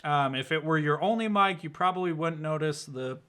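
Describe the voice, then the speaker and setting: A man with a somewhat high voice for a man, speaking as a guest sound recordist. He talks casually and thoughtfully, with everyday fillers. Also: normal speed, fairly bright tone, clean tone. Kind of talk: casual chat.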